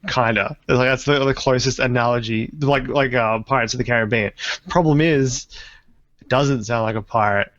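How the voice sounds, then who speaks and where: A man's voice: mid-range voice, normal speed, fairly bright tone, no room sound, dull audio. A man co-hosting a casual comedy podcast, rambling through a story with frequent laughs and restarts. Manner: rambling, laughs often, trails off mid-sentence. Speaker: podcast co-host.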